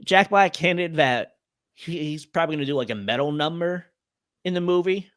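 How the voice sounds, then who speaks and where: A man from Ireland talking in an animated, casual way on a podcast, full of fillers and quick impressions. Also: on the high side, no echo, studio quality. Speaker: podcast panelist. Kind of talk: casual chat.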